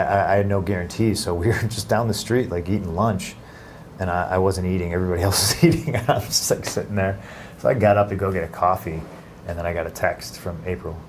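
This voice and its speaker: A man telling a heartfelt personal story as an interview guest, halting and repeating himself when moved. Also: low voice, slight background noise. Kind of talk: emotional storytelling.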